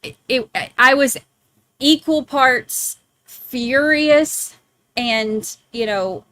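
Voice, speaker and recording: Quick-talking woman hosting a live stream, dry sound. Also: high-pitched, pushed and bright, dry recording. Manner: quick, halting speech with many restarts. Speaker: host. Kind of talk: casual live-stream chat.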